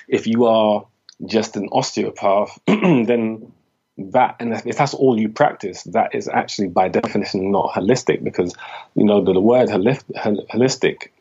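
A man's voice: lowish voice, a little mellow, slightly rough, muffled recording. A man who works as a holistic health practitioner, explaining his views as a guest in a podcast interview and often saying "you know".

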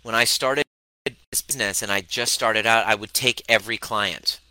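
A man coaching on relationships in a live stream, his voice very bright and tense. He is blunt, swears freely and acts out whole conversations. The sound is close and dry, with no room around it. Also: on the low side, normal speed, dry recording, poor audio. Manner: animated, acts out both sides of conversations.

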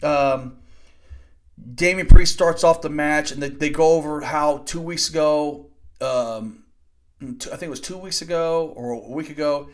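Excitable rambling young man. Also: mid-range voice. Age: 20s. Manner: rambling, excitable, profane storytelling. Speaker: podcast host. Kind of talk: casual wrestling recap podcast.

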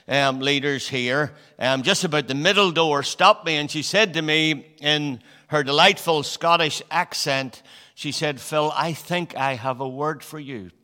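Bright-voiced preacher in his sixties. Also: fairly high pitch, big-room sound. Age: 60s. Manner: conversational, storytelling, with frequent fillers and restarts. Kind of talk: sermon. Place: church.

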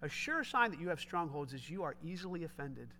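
Bright, emphatic middle-aged male pastor. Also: on the high side, sing-song, fairly quick, slight background noise. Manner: emphatic, conversational preaching with rising shouts. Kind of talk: sermon.

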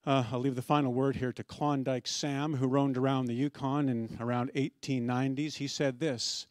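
Middle-aged male pastor, mid-range voice, relaxed storytelling sermon with light humor, dry recording. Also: mid-range voice, moderate pace, few pauses, dry recording. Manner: conversational storytelling with gentle humor.

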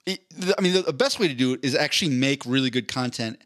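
A man's voice: mid-range voice, animated, quick pace, fairly bright tone, no room sound, clean studio sound. Rambling, amused man telling a story. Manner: amused, rambling, with frequent restarts. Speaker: podcast host. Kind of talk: casual storytelling chat.

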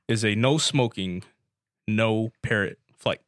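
A man's voice: on the low side, slow, a bit bright, clear, resonant tone, dry recording, studio quality. A young man in casual chat with friends, telling long rambling jokes and swearing freely. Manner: rambling joke-teller, swears a lot.

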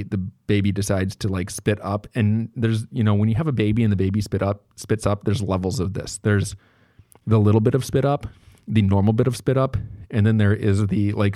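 A man's voice: on the low side, warm tone, dry recording, studio quality. A man in his thirties, hosting a solo podcast, talking in a rambling, candid way and often restarting his sentences. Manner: rambling, self-correcting and candid. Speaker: podcast host.

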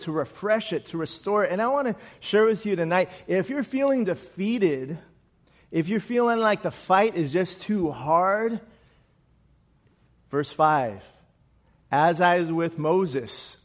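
A man preaching a sermon in a conversational way, asking the congregation questions and dropping to soft, quiet lines for emphasis. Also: a little high. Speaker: pastor.

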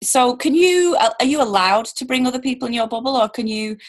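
A woman's voice: a little high, lively intonation, a little fast. Chatty woman hosting a podcast. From United Kingdom. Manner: chatty, rambling, many fillers and restarts. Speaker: podcast host. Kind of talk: casual interview chat.

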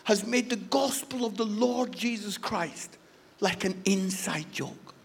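A man preaching a passionate sermon as a guest speaker, dropping to near-whispers and then rising to shouts. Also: sits high, slow pace, gravelly, husky. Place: church service.

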